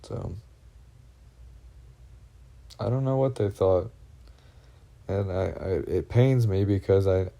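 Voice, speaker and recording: A man telling of his own experiences in a halting, anxious monologue, full of fillers, restarts and swearing. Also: low voice, creaky, dark tone. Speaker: vlogger recounting personal experiences. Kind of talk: rambling first-person monologue.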